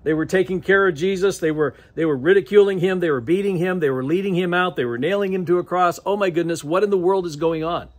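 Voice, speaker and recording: American man, pastor's sermon, high voice, husky, chatty with frequent chuckles. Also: fast, few pauses. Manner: conversational, chuckles often between phrases. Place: church sanctuary.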